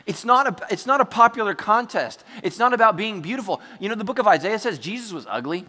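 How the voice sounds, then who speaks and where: A man preaching a sermon to his congregation, chatty and joking, acting out quick asides as he goes. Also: high voice, expressive, pushed and bright. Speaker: pastor. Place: church hall before a congregation. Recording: large hall with long reverb.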